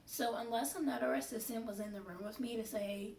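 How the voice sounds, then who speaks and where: A woman's voice: on the high side, steady tone, fairly quick, gravelly, a little mellow. Young woman venting in a roomy space. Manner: candid, frustrated, lots of fillers. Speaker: vlogger. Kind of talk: casual venting monologue. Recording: roomy, distant, faint hiss.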